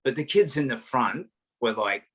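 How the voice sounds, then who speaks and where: An Australian man talking casually as an interview guest, an animated storyteller with self-mocking humour. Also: medium pitch, moderate pace, a little hiss or hum, rough recording. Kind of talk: casual conversation.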